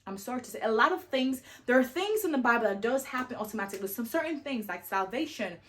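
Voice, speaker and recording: A young woman talks straight to her viewers in a casual storytelling vlog. Her voice sits a little high, and she is animated, full of "like" and "you know", and acts out what other people said. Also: fast talker. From family from Sierra Leone, raised abroad. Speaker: vlogger.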